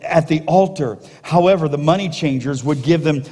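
Preacher in a reverberant church hall. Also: male voice, fairly high pitch. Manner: dramatic, slowing and dropping to a hush for emphasis; jokey asides to the congregation. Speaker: pastor. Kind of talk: sermon. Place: church sanctuary. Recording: long reverb of a large hall.

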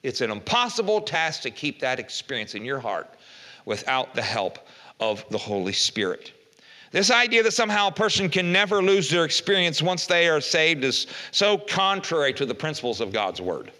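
A man's voice: on the high side, very animated, normal speed, sharp tone. An older man preaching a folksy evening sermon, reading scripture aloud and asking rhetorical questions. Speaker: pastor.

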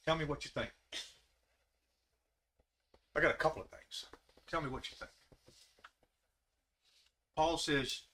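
Male, preacher, bright tone, interactive sermon, repeated direct questions. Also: a little high, unhurried, long pauses. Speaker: preacher leading a Bible study.

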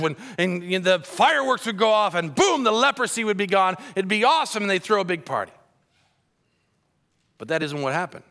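Bright-voiced man preaching a sermon. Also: sits high. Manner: storytelling, dramatic shifts in volume. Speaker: pastor.

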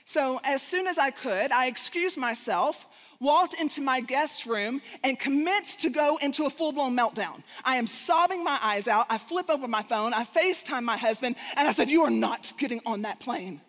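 A woman guest speaker giving a storytelling sermon, animated and acting out the voices of the people in her story. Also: high-pitched. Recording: long hall reverb.

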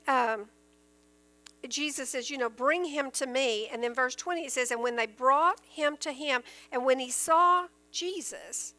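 Woman Bible teacher, high and bright, earnest plain-spoken explainer, faint hum behind. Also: poor audio. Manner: earnest, explains verses in plain everyday terms. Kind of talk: Bible teaching, reading scripture aloud.

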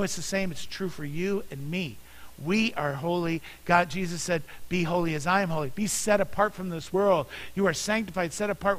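A man's voice: sits high, a bit bright, low-quality recording. A man preaching a sermon as pastor, earnestly reading scripture and repeating words for emphasis.

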